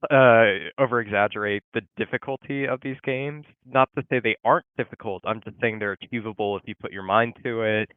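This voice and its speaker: A man's voice: on the low side, steady tone, clean tone, dry recording. Man on a tinny, phone-like line. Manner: halting, many fillers and restarts. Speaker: podcast host. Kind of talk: casual chat. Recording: phone-like thin sound.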